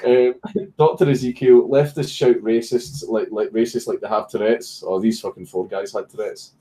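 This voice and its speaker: A man's voice: lowish voice, steady tone, normal speed, dark tone, poor audio. A Scottish man casually chatting on a home live stream, reading viewer messages, swearing and joking while a puppy distracts him.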